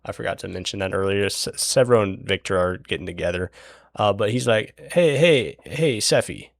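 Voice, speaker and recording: Guy rambling thru a book recap while drawing, lots of swearing and ums, lowish voice, dry sound. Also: fast, vocal fry, dry recording. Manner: rambling, profane, lots of fillers and restarts; acts out characters' lines in his retelling. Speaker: channel host recapping a book.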